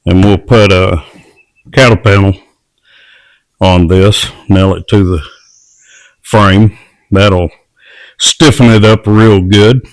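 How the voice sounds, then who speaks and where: A man's voice: deep voice, steady tone, takes it slowly, long pauses, no room sound. A man casually narrating step by step as he builds garden doors at a work table. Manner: plain, matter-of-fact step-by-step talk. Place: workshop or outdoor work table.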